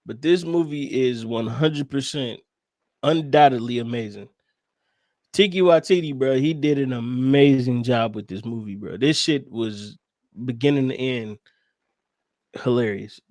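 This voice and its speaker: A man's voice: mid-range voice, unhurried, darkish tone, no room sound, studio quality. A man co-hosting a podcast, talking animatedly and profanely about a movie and laughing often. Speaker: podcast co-host. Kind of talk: casual movie review chat.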